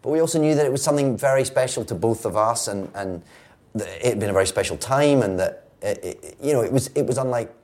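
A man's voice: medium pitch, expressive, quick pace, darkish tone. A Scottish man, a guest actor, talking reflectively and wryly in a casual interview. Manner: reflective, wry and playful.

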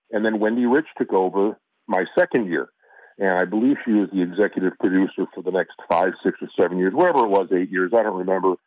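An actor from Chicago, USA, is interviewed over a call on a tinny, phone-like line. His voice is mid-range with no echo, and he tells stories casually, rambling with fillers and restarts.

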